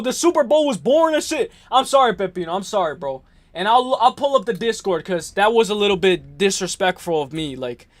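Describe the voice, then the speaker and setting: A man hosting a live stream, ranting and joking in an excitable, profane way while reading viewer comments. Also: high-pitched.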